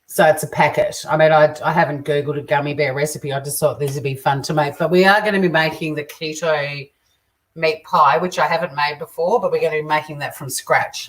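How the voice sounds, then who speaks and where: An Australian woman hosting a casual live cooking stream, chatting, joking crudely and reading out viewer comments as she cooks. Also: deep voice. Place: home kitchen. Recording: distant mic with faint kitchen clatter. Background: clinking dishes and cutlery.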